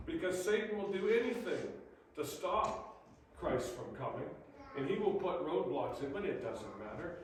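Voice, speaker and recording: A male pastor delivers a sermon with lively, animated preaching and acts out the people in his stories. His voice sits at an ordinary pitch. The sound is very echoey and picked up from a distance, with a faint room hum behind him.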